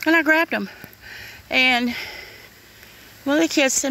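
A middle-aged woman rants to her viewers while standing outdoors in the rain. Her voice is bright and sharp, and she swears bluntly, calling people "honey" and "y'all." Faint outdoor noise runs underneath. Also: sits high, a little slow, creaky, long pauses, poor audio. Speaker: vlogger. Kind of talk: casual vlog rant.

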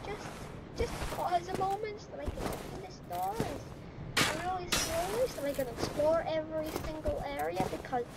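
A young woman giving profane, ranting let's play commentary, breaking into shouts, in a noisy recording. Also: extremely high pitch, moderate pace, vocal fry. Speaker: gaming YouTuber.

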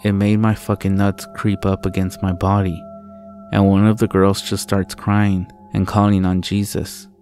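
A man narrating a first-person horror story in a slow, deliberate, profane way. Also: sits low, completely flat delivery, darkish tone, faint music behind.

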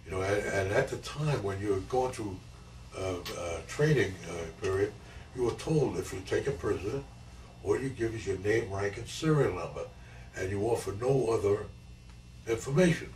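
A man's voice: fairly low pitch, expressive, moderate pace, darkish tone. An 80-year-old man telling his grandchildren about his life, rambling and repeating key phrases. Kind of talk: casual storytelling interview. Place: family home. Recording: echoey home camcorder audio, mic far off, faint hiss.

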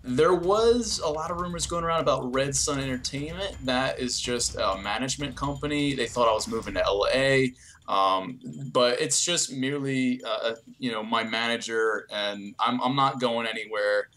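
A young man talks through an interview in an easy, offhand way. He tells his stories loosely, stumbling and restarting often. His voice sits at an ordinary pitch for a man. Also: moderate pace. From New Jersey, US. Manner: relaxed storytelling, frequent fillers and restarts. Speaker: interview guest, YouTube creator. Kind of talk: casual interview answers.

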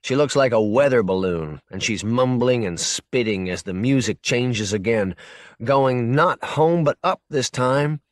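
A man narrating a short story for an audiobook in a measured, intense second-person voice. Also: medium pitch, lively intonation, no room sound, clean studio sound. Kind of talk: scripted narration.

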